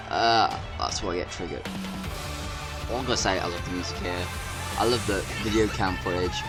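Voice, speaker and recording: A man from England with an English accent, giving casual reaction commentary as a video creator, excitable and ranting, swearing freely. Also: low voice, normal speed, music in the background.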